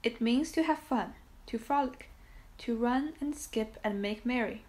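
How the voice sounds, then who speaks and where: A woman voicing a lonely young male pig in a storybook, talking in a plaintive, earnest way with a slightly lowered, softer voice. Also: a little slow, close to an everyday voice. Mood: pleading, earnest.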